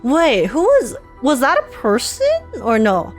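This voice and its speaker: A young woman streaming her reaction to a game, excitable and quick, theorizing aloud in casual chat. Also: fairly high pitch, soft background music.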